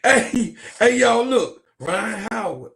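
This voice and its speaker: Man, casual sports commentary, cursing, laughing, gravelly voice. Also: high voice, very animated, slow pace. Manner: loud, profane, laughing, calls out to viewers. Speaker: sports vlogger.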